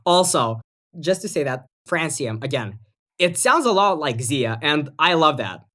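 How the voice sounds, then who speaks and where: A woman's voice: deep voice, expressive, a little slow, fairly bright tone. A woman co-hosting a podcast in casual chat, rambling with lots of fillers and restarts. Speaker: podcast co-host and music producer.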